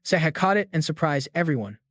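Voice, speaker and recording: A man's voice: fairly high pitch, animated, brisk, fairly bright tone, no room sound, clean studio sound. Hyped man narrating a recap. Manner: slangy, hyped-up storytelling. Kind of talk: scripted narration.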